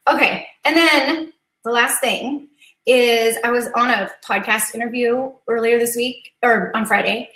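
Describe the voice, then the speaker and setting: A woman's voice: on the high side, fairly bright tone. A woman in her thirties hosting a casual live-stream chat, earnest and chatty, laughing easily and getting teary. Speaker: host of a live coffee chat. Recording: echoey room.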